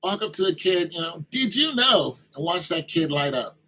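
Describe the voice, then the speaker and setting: A man's voice: a little high, fairly quick, fairly bright tone, rough recording. A man giving an informal sermon-style talk, conversational, acting out little exchanges with kids in raised voices.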